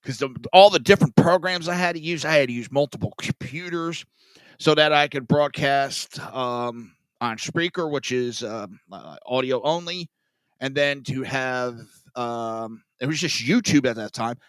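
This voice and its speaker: A man hosting a political commentary podcast, sarcastic and profane, sighing and swinging between loud outbursts and mutters. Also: medium pitch, a little slow, smooth, no echo. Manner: sarcastic, profane, self-mocking. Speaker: podcast host.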